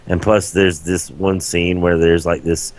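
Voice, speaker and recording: Casting: young adult man, very low voice, casual podcast co-host, loose and rambling. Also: little pitch movement, a little slow, darkish tone. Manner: chatty, hesitant with many restarts. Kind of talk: casual chat.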